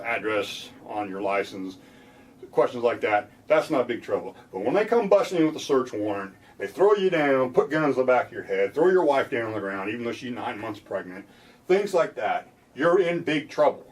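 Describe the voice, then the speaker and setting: Plain-spoken American lawyer explaining rights. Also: male voice, medium pitch, distant mic, slight background noise, low-quality recording. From United States. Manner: plain-spoken, acts out police lines with a laugh. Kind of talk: explaining legal rights to viewers.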